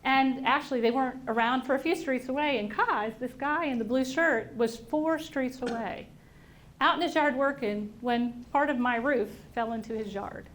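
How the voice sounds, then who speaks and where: A middle-aged woman speaking to an audience, telling a personal story in an animated way and acting out the voices of people she quotes. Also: sits high, moderate pace. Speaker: invited speaker. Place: auditorium at a workplace event.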